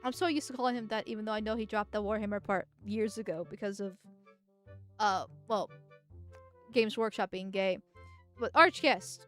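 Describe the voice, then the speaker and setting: A woman's voice: medium pitch, a bit bright, soft background music. A woman streaming gameplay as a vtuber, rambling and often restarting, then erupting into profane rants at the game. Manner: ranting, profane, quick to anger. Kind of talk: live gameplay commentary.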